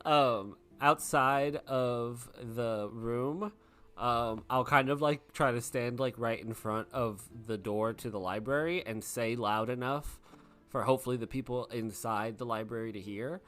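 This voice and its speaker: A man's voice: mid-range voice, unhurried, a bit bright, soft background music. A man casually describing his moves as a player in a tabletop game.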